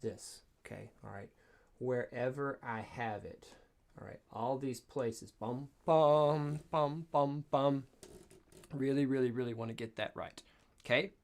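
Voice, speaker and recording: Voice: mid-range voice, steady tone, moderate pace, vocal fry. A cello teacher giving an online lesson, coaching step by step and counting in each exercise aloud. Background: cello playing.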